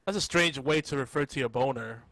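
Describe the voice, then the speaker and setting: A man's voice: mid-range voice, fairly quick, a bit bright, dry recording. A man co-hosting a casual comedy podcast, tossing in crude jokes and banter. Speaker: podcast co-host.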